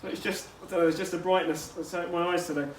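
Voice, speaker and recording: A man's voice: fairly high pitch, little pitch movement, racing, background noise. A man coaching a workout outdoors, chatty and instructive with personal asides. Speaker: fitness coach.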